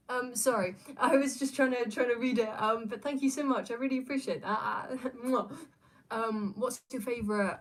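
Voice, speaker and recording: A woman's voice: a little high, a bit bright. A young adult woman, chatting casually on a livestream and answering viewer questions, rambling with lots of fillers and restarts. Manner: rambling, many fillers and restarts, laughs often.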